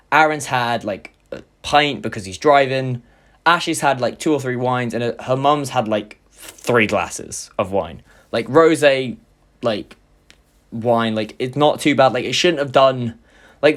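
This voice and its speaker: A young man tells a wild personal story on camera. He talks in an animated, rambling way, swears freely and leans on filler words. His voice sits at a middle pitch. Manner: animated retelling, heavy swearing, many fillers. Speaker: YouTuber. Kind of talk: storytime vlog.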